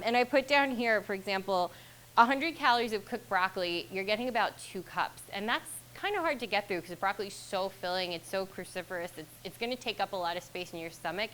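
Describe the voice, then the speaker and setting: A woman dietitian giving a relaxed, chatty nutrition talk to a fitness class. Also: on the low side, a little hiss or hum, low-quality recording. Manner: chatty, relaxed, laughs at herself.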